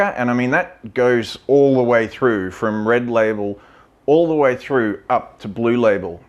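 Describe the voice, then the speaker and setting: A man giving a casual, opinionated whisky tasting talk, blunt and sweary, chatty with plenty of fillers. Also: mid-range voice. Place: lives in Vietnam.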